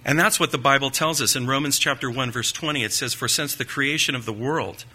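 A man preaching a sermon, teaching with measured emphasis, rhetorical questions and folksy asides. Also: medium pitch, sharp tone, breathy edge. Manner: folksy asides and light joking.

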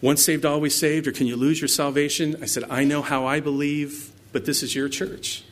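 A man's voice: fairly high pitch, little pitch movement, normal speed. A man preaching a sermon, mixing personal stories with scripture readings in a conversational way. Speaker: pastor.

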